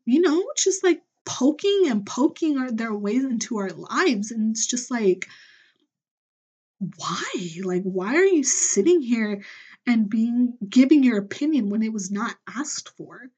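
A woman's voice: a little high, expressive, measured pace, mellow, breathy edge. A young woman hosting a solo podcast, venting bluntly and heatedly with lots of profanity. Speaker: podcast host.

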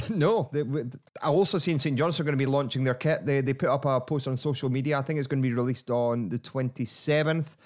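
A man's voice: medium pitch, a little fast. Chatty man hosting a podcast. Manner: chatty, laughing, animated asides. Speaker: podcast host. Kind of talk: casual football podcast chat.

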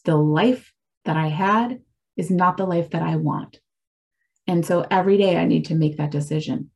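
A woman's voice: on the low side, normal speed, gravelly, a little mellow, slightly rough. A woman in her forties talking casually and candidly about her faith and recovery, reflective, with frequent fillers and restarts. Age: 40s. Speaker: speaker sharing a personal faith and recovery story.

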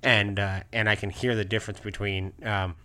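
Brief: male interview host, slightly low voice, loose rambling delivery. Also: level tone, normal speed, sharp tone, smooth. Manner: rambling, many fillers and restarts, laughs often. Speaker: podcast host. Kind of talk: casual interview chat.

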